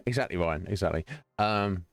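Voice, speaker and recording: A male streamer chatting casually with viewers during a game stream, rambling and teasing, laughing often. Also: on the low side.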